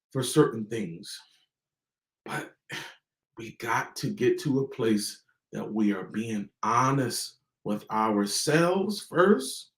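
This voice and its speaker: A man hosting a motivational talk to parents, with a preacher-like delivery that repeats key words and slows down for emphasis. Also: mid-range voice, reverberant, rough recording. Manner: preacher-like, emphatic repetition and pauses. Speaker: host.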